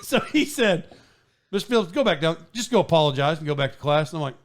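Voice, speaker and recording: A man hosting a podcast, telling a story in a casual, animated way with frequent laughs and restarts. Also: a little high, fast. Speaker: podcast host.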